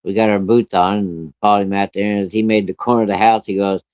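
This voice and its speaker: A man with a fairly low voice tells a true-life story in a loose, folksy, rough-spoken way, chuckling as he talks. The recording is dry and dull, a little lo-fi. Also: lively intonation, fast, hardly any pauses, no room sound.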